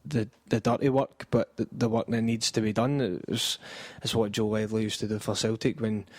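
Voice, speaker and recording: A man's voice: fairly low pitch, flat delivery, moderate pace, no echo. A man on a football podcast panel, talking casually and hesitantly, with many ums and restarts.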